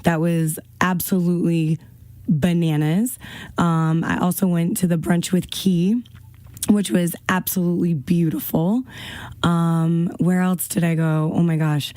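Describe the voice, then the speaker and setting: Lady co-hosting radio, rambly chatty talk, bit breathless, lowish voice, dry studio. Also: flat delivery, a little slow, mellow, no room sound. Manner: chatty, rambling, lots of fillers. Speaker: radio co-host. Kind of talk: casual radio chat.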